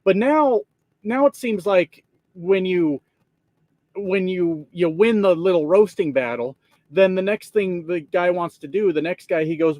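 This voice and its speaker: A man with a high, unhurried, slightly mellow voice livestreams from inside his truck cab, with no room sound. He chats casually and reads comments, rambling, swearing freely and laughing often.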